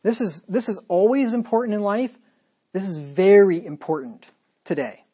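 A man's voice: sits high, moderate pace, mellow, husky. Emphatic male pastor preaching. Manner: emphatic, rhetorical questions to the listeners. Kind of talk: sermon.

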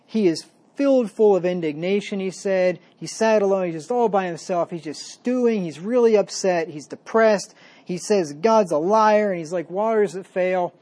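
A man preaching a sermon, reading scripture slowly with emphasis and then explaining it in a plain, conversational way. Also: high voice, warm tone. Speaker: pastor.

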